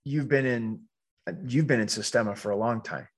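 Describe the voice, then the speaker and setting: A man hosting a casual podcast conversation, his voice at an ordinary middle pitch. He talks reflectively and feels his way through his thoughts, often restarting his sentences. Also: normal speed. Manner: reflective, hesitant, many restarts and backchannels.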